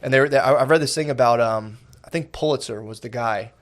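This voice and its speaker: A man's voice: mid-range voice, fairly quick. Man, podcast co-host, casual banter, rambling, profane, laughs while talking.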